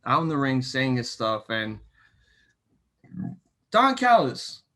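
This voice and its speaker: A young man co-hosting a casual wrestling chat show, excitable and animated, with many fillers. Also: mid-range voice, takes it slowly. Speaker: co-host.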